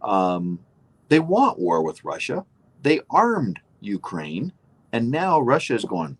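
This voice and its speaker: A man's voice: on the low side, huge pitch swings, measured pace, breathy edge. A man co-hosting a casual political chat show, emphatic and opinionated, rambling with restarts. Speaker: co-host.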